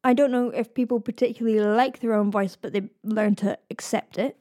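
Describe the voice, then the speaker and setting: A woman with a soft east-coast Scottish accent, a voice coach musing in casual chat, laughing easily. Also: a little high, steady tone, a little fast, dry recording, studio quality. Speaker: host, voice coach.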